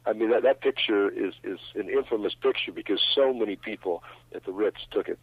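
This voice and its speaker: A man's voice: lowish voice, a little fast, breathy edge, no echo. A man calling in as a radio interview guest, rambling through anecdotes. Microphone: telephone. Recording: tinny dry phone line.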